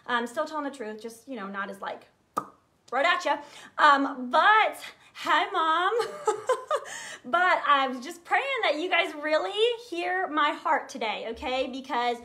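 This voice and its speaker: High-voiced, fired-up woman speaker. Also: measured pace. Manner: energetic, earnest, fired up, talks directly to viewers. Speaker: sales team leader. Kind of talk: live video training talk.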